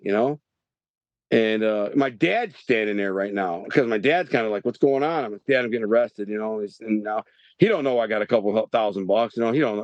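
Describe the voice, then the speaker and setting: A man's voice: fairly low pitch, dry recording, muffled recording. A middle-aged man from Detroit, telling a rambling story in a podcast interview and often restarting his sentences. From Detroit, Michigan. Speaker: podcast guest.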